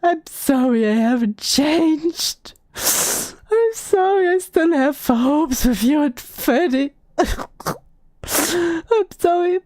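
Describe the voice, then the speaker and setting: A woman's voice: high voice, lively intonation, drawn-out words, darkish tone, dry recording, heavily acted. A woman voicing a clingy, apologetic young man, reading his messages in a mock plaintive whine. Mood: pleading.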